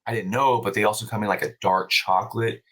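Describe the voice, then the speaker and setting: Male podcast guest, low bright voice, casual storyteller, profane and animated. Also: quick pace, poor audio. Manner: animated, swears freely, many fillers and restarts. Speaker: podcast guest, brewery owner.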